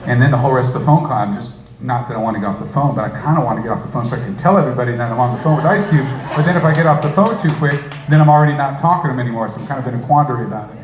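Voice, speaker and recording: A man's voice: medium pitch, very fast, few pauses. A man telling a jokey, self-deprecating story to a live audience. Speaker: storyteller, musician. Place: stage before a live audience. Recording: echoey room with audience noise.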